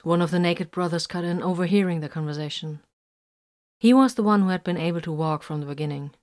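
Brief: woman narrator, lowish voice, steady story reading. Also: brisk.

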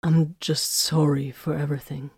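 A woman reading a story, voicing a remorseful wounded male soldier who pleads in halting, apologetic words. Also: deep voice, level tone, darkish tone, breathy edge, no echo, studio quality. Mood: pleading.

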